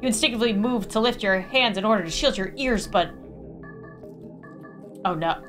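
A young adult woman, a gaming YouTuber, reading game text aloud with an animated, dramatic delivery. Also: mid-range voice, moderate pace, faint music behind.

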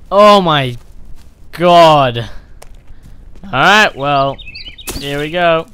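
A man giving loud, excitable, profane let's-play commentary while playing a survival horror game. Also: on the high side, extremely slow, long pauses, smooth. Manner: excitable, profane, yelling reactions. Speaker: gaming channel host.

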